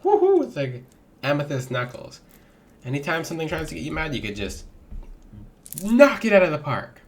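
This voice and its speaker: Animated, preachy man with a lively, high voice. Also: brisk, slight background noise. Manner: animated and preachy, laughs readily. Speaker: spiritual vlogger selling gemstones. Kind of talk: casual spiritual advice to camera.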